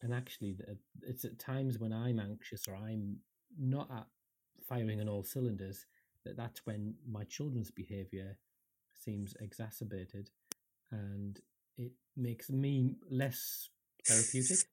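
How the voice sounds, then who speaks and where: A man's voice: on the low side, steady tone, measured pace, warm tone, a little hiss or hum. A man co-hosting a podcast over a call, thoughtful and self-questioning, with false starts. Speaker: podcast co-host. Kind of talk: casual podcast chat.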